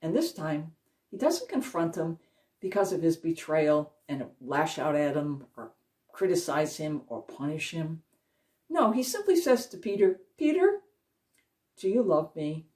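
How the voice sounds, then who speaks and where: A woman with a lowish voice tells a scripture story as a devotional talk, earnest and deliberate, drawing out the key moments. She sits a little back from the microphone, so the sound is slightly distant. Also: very animated, a little mellow. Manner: earnest retelling, slows for emphasis. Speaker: Christian speaker.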